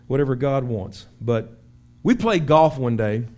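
Animated storytelling pastor, man. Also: mid-range voice, unhurried. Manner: animated storytelling with acted-out shouts. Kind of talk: sermon. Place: church sanctuary.

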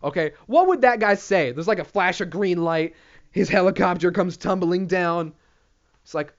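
A man's voice: high voice, normal speed. A young man hosting his own show in a profane, rambling, self-deprecating solo rant. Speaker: podcast host. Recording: dull lo-fi recording.

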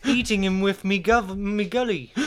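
A man's voice: sits high, normal speed, a bit bright, voice pushed up. Give me a crude young English thug, as a man puts him on with an exaggerated accent. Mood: taunting.

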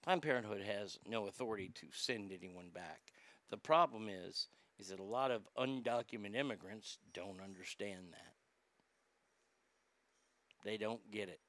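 A man hosting a commentary show, reading out news and reacting with indignant, sarcastic remarks and halting restarts when he gets riled. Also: on the low side, fairly bright tone, no room sound. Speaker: podcast host.

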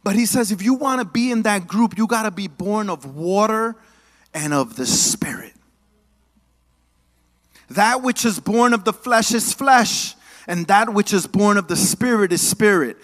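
A man with a high-pitched voice preaching in church. He moves between lively, almost sung emphasis and casual, joking asides, often calling on the congregation to answer back. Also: a little slow. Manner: animated, call-and-response with the congregation. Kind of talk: sermon.

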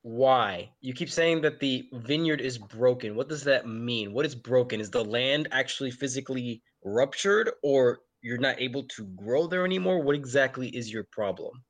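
A man's voice: mid-range voice, normal speed, few pauses. A man playing a tabletop game, earnestly asking probing questions. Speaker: player. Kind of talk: casual tabletop role-play.

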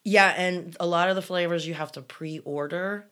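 Woman, middle-aged, low voice, blunt and cussing, casual co-host chat. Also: fairly even intonation, moderate pace, fairly bright tone. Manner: blunt, storytelling, swears freely. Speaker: podcast co-host reading listener comments.

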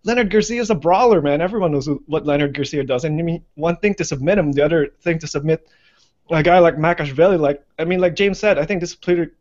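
A man's voice: on the high side, quick pace, a little mellow. A man co-hosting a casual fight-picks chat, rambling with lots of fillers. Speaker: MMA podcast co-host. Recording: lo-fi muffled audio.

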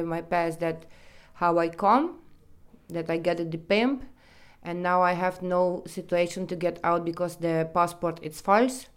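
A woman from Europe, telling her own story in halting, English. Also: fairly low pitch, clean tone. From Eastern Europe. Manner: halting non-native English, vivid storytelling. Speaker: interviewee. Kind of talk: personal testimony.

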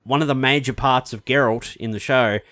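Aussie bloke rambling away on a podcast, middle voice, dead dry mic. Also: male voice, medium pitch, fairly even intonation, fairly quick, fairly bright tone, no room sound. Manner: chatty, rambling, swears casually. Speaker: podcast co-host. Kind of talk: casual chat.

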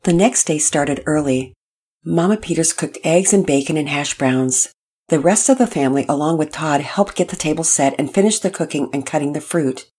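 A woman with a low, husky voice reads a storybook aloud. Her narration is steady and plain, unhurried between the characters' lines.

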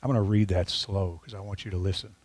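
A man preaching a sermon to his congregation, earnest and repetitive, slowing down to stress key lines. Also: low voice, fairly even intonation, darkish tone, dry recording. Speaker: pastor.

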